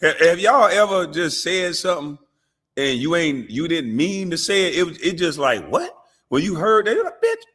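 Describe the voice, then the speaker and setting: Animated man telling stories, lively pitch. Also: normal speed. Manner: animated, profane storytelling. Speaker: show host. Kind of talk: casual commentary.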